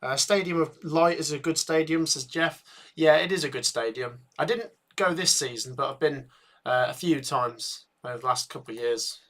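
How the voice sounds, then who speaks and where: A man hosting a live football watchalong, chatting with viewers and getting excited at chances, a bit tired. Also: on the high side, normal speed. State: tired, yawning. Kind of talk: live match commentary and chat.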